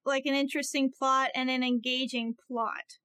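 A woman's voice: high-pitched, level tone, moderate pace, pushed and bright, smooth. A woman co-hosting a podcast in casual chat, agreeing eagerly and laughing easily. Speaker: podcast co-host.

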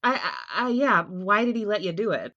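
Bright-toned woman host on dull audio. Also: medium pitch, big pitch swings, moderate pace. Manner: supportive, frequent short reactions. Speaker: podcast host. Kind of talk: casual interview chat.

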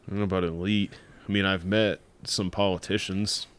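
A man's voice: deep voice, level tone, fairly quick, a bit bright, slight background noise. A man on a casual podcast, rambling through memories and stopping to search for details. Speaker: podcast contributor. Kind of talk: casual chat.

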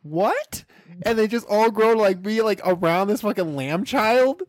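A young man tells a film plot in casual chat. He is animated and profane, laughs often, and acts out the characters' lines. His voice sits a little high, and the sound is dry and close. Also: moderate pace, no echo. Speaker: podcast co-host.

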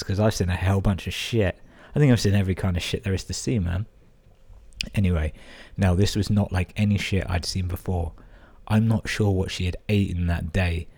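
A podcast host with a low voice and darkish tone reads listener emails aloud. He keeps cutting in with crude, sweary, amused asides.

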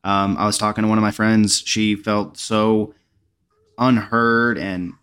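Male podcast host, lower register, affectionate, encouraging, casual chat. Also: little pitch movement, measured pace, heavy background noise. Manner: warm, openly affectionate and encouraging.

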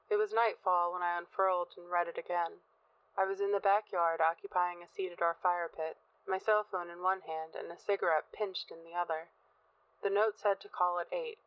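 A woman reads a first-person horror story aloud at a measured, tense pace. Her voice sits low, and the recording sounds dull, close and dry, with no room echo. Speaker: narrator. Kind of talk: audiobook narration of a horror story.

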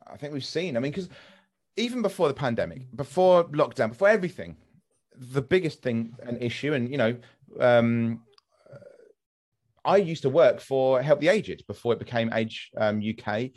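A man hosts a podcast in casual chat, rambling through his points with plenty of ums. His pitch swings widely as he gets worked up. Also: normal speed. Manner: animated, rambling, frequent fillers. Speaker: podcast host.

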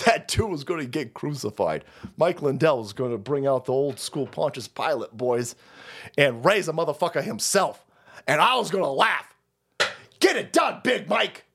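A man's voice: on the high side, animated, normal speed, gravelly, fairly bright tone, breathy edge. A man hosting a political commentary stream, ranting in a rambling, sarcastic and foul-mouthed way. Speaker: host.

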